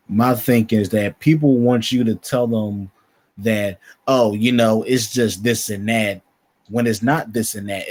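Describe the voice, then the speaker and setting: A man's voice: mid-range voice, darkish tone, slightly rough. A man on a casual crypto talk show, speaking in an earnest, reflective way. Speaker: co-host.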